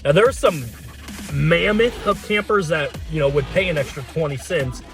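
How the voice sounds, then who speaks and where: A man's voice: fairly high pitch, lively intonation, moderate pace, creaky, music in the background. A man hosting a casual explainer video, talking plainly with frequent fillers and restarts. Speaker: host.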